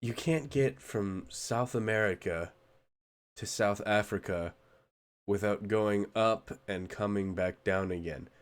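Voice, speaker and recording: A man's voice: lowish voice, takes it slowly. A man streaming a reaction to a video, with casual commentary full of sarcastic asides and frequent laughter.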